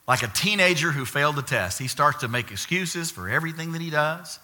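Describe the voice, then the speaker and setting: A pastor with a grandson, preaching a lively sermon and acting out the voices of the people he quotes. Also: a little high, brisk. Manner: animated storytelling, acts out quoted voices.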